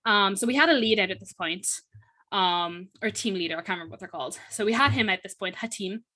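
A young woman with an Irish accent tells a story in easy conversation. Her voice is bright and forward, sitting mid-range for a woman. She talks loosely, with plenty of "like" and little restarts. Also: mid-range voice, quick pace. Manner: chatty, animated retelling full of fillers and "like". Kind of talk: casual storytelling.

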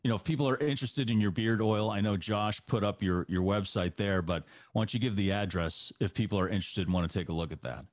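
A man's voice: fairly low pitch, quick pace, hardly any pauses, no room sound, clean studio sound. A man co-hosting a podcast, laid-back, joking and profane. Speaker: podcast co-host. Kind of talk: casual podcast chat.

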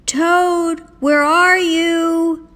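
An eager little storybook frog, calling his friend in a high, lively voice that leaps up and down, as a woman reading aloud puts him on. He talks slowly and with excitement, urging and coaxing. The storybook reading is gentle and unhurried. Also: breathy edge, exaggerated voice. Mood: urgent calling.

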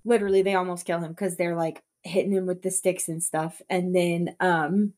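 A woman co-hosting a casual book podcast, talking in an animated way and acting out characters' lines in quick voices. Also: on the low side. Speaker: podcast co-host.

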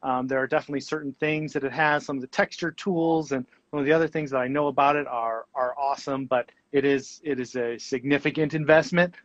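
A man speaking as a guest in a casual interview, thoughtful and halting, with plenty of ums and restarts. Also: medium pitch, fairly even intonation, no echo, lo-fi sound. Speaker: guest colorist.

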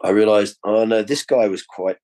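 A man's voice: on the low side, normal speed, warm tone. A middle-aged man, a comedian guesting on a podcast, talking bluntly and jokily, swearing and calling people mate. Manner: blunt and jokey, swears, calls people mate, acts out little scenes. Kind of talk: casual conversation.

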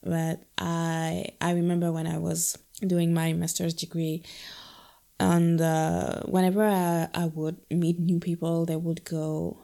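A woman's voice: lowish voice, monotone, a little slow, vocal fry, dark tone. A young adult woman from Guadeloupe, talking reflectively and casually about a film with playful asides. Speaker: film discussion host.

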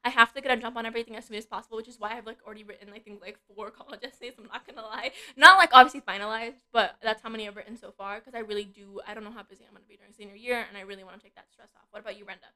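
Teen girl, fast chatty advice, bright tone, slightly high voice, lots of likes. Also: fairly even intonation. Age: teens. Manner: chatty, uses filler "like" a lot. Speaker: co-host. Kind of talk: casual advice chat. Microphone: desk microphone.

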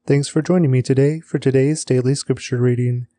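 Mellow-voiced man closing a podcast. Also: mid-range voice, fairly even intonation, brisk, no echo. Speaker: podcast host. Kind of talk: podcast outro announcement.

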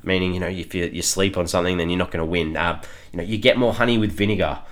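A man's voice: sits low, fairly even intonation, fast talker. An Australian man hosting a podcast, chatting casually through an episode review with frequent chuckles and fillers. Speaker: podcast host.

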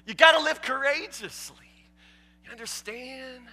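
A man delivers a sermon in a high, piercingly bright voice. He presses his points hard, stumbles into quick restarts, and keeps checking whether his listeners understand. His words ring out with the long reverb of a large hall. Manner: emphatic, repeats "you understand?"; stammering restarts, drops low and soft for the story. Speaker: preacher.

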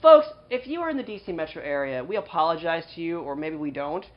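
A woman's voice: sits low, lively intonation, fast talker. A woman co-hosting a podcast in casual chat, who jokes and keeps interrupting with questions. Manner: joking, interrupts often to quiz and tease. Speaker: podcast co-host. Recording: dull lo-fi recording.

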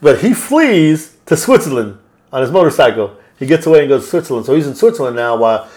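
A man on a podcast casually retelling a film's plot in a loose, rambling way, slipping into quick voiced quotes. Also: a little high, big pitch swings, darkish tone. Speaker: podcast host. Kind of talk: casual movie recap.

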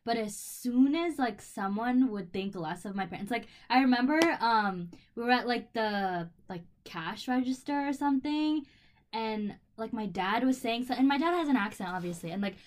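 A young woman with a fairly high voice recalls a childhood moment in loose, rambling speech. Her sentences pile up with "like" as she talks. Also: lively intonation, normal speed. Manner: chatty, rambling with "like". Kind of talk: casual chat.

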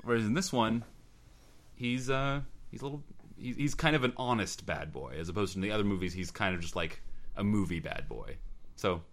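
A man with a very deep voice chats casually about films. He wanders into tangents and stumbles over restarts, hunting for the right words. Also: expressive, a little fast. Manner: rambling, hesitant with frequent restarts. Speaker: podcast co-host. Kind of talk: casual movie discussion.

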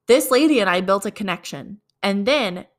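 A woman's voice: medium pitch, lively intonation, normal speed. Chatty woman telling a sales story. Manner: conversational, acts out both sides of dialogue. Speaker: apartment leasing agent.

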